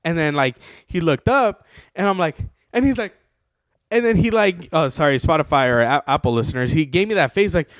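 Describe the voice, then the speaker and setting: A young man hosting his own podcast, telling a story in a casual, excitable, rambling way full of fillers. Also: on the high side, brisk, no room sound. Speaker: podcast host.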